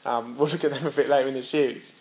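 A man's voice: mid-range voice, steady tone, quick pace, darkish tone. A young man giving a sermon. He reads scripture aloud, explains it plainly, checks in with his listeners and voices rhetorical questions. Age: young adult. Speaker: preacher.

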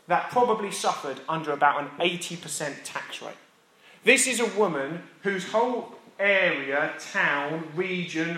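A British man preaching a sermon, earnest with emphatic pauses and wry self-deprecating humor. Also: fairly high pitch, sharp tone, echoey room. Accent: British English.

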